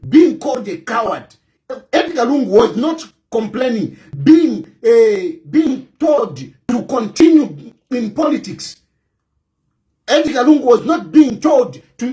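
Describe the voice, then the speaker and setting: A man with a Zambian accent delivering a heated political rant, combative and repetitive, often shouting. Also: very high-pitched, rough recording. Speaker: political commentator.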